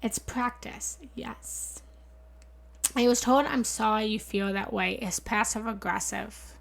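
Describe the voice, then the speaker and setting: This woman's voice is a little high and gravelly, slow with fairly even intonation. She hosts a live meditation talk from home on a studio mic run through a small soundboard, earnestly reading and answering viewer comments. Chatty, she often repeats herself and thanks her viewers.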